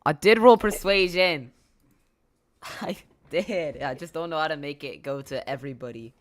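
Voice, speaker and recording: A man playing a tabletop game, halting and unsure, stumbling over his words. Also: fairly high pitch. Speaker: player. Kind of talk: casual tabletop play.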